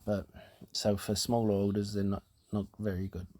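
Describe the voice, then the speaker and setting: A man hosting a casual talk show, explaining things in a halting way with fillers and restarts, and sounding out of breath. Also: lowish voice, little pitch movement, warm tone. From United Kingdom. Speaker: host.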